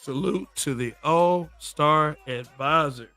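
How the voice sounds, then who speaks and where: Soft music plays as a middle-aged Southern-accented man hosts his livestream, his voice on the high side and sharp in tone. He takes his time, swearing bluntly through casual commentary, often laughing and responding to his chat.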